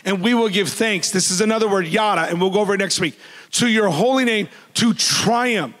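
A man preaches in a loud, animated voice that sits high for a man. He jokes freely with his congregation. The voice rings with the long reverb of a church hall. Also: a little fast. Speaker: pastor. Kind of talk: sermon.

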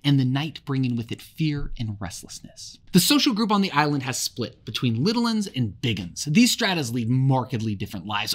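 A man giving a casual book summary for a lesson, with wry, sarcastic asides. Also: mid-range voice. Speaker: literature explainer for teachers and students.

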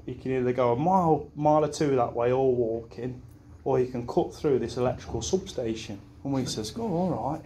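A man's voice: medium pitch, mellow, a little hiss or hum. A young man giving a best man speech at a wedding, rambling through anecdotes and laughing at his own stories, swearing casually. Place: wedding reception room.

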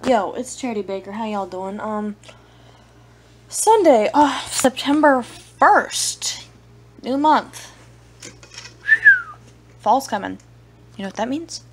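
A woman's voice: fairly high pitch, expressive, slow pace, long pauses, a little hiss or hum. A young woman vlogging casually about her day, rambling and playful, with lots of filler words. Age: young adult. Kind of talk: casual vlog diary.

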